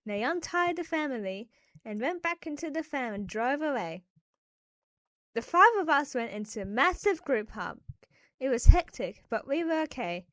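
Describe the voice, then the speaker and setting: A woman narrating an animated first-person story, telling it expressively and addressing viewers at the end. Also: sits high, moderate pace, no room sound.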